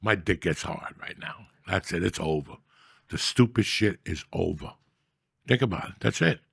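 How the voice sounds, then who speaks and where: Gravelly, profane man ranting. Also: deep voice, normal speed, no echo, studio quality. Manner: animated, loud bursts when acting out scenes. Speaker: podcast host. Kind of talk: casual comedic storytelling.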